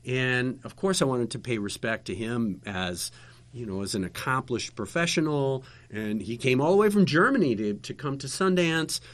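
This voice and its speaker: A man of middle pitch spins a loose, animated story for his hosts. He wanders, restarts his sentences and piles on fillers, then perks up as he reaches the punchline. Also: moderate pace. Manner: rambling, animated anecdotes with many fillers and restarts. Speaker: guest telling stories, former local TV interviewer. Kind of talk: casual storytelling chat.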